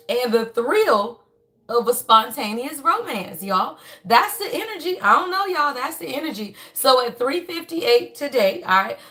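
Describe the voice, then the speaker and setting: A woman with a somewhat high voice hosts a relaxed astrology livestream. She talks in a chatty, folksy way and keeps turning to her viewers with y'all. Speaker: astrology and tarot reading host. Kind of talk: casual livestream reading.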